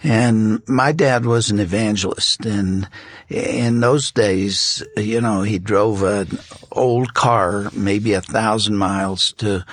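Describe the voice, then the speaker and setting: A man hosting an interview, speaking in a measured, reflective way. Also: on the low side, fairly even intonation, slightly rough. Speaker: host.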